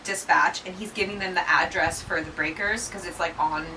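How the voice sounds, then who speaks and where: Woman, 30s, podcast co-host. Bright, chatty storyteller, slightly off-mic with faint room noise. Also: lowish voice, a little fast, far from the mic, rough recording. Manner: chatty, animated retelling with acted-out quotes. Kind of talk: casual birth story chat.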